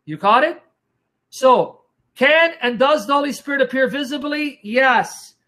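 A man's voice: very high voice, expressive, measured pace, sharp tone. A man teaching the Bible in a sermon style, emphatic and repetitive, often telling listeners to watch and asking if they follow, his throat strained by coughing.

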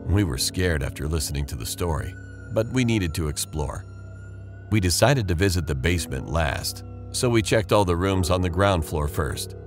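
Man, very low voice, scripted story narration, steady measured delivery, faint music underneath. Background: faint background music.

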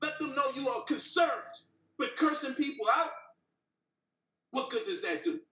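Heated debater, male, bright forceful voice, far from mic in an echoey room, swears a lot. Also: very high-pitched, lively intonation, unhurried. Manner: passionate, profane, preachy. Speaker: debate guest.

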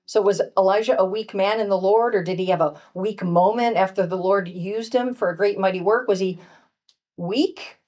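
A woman speaker teaching from scripture to a women's retreat, earnest and gentle, dropping to a soft hush on key points. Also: medium pitch, normal speed. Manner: reads scripture aloud and acts out voices. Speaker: workshop speaker at a pastors' wives' retreat.

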